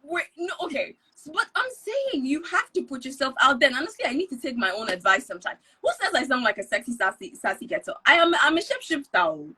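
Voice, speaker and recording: A woman's voice: high-pitched, quick pace, few pauses, rough recording. A woman from Ghana co-hosting a podcast, chatting casually, laughing and teasing as she tells stories. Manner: laughing, teasing, animated storytelling. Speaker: podcast co-host. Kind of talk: casual chat.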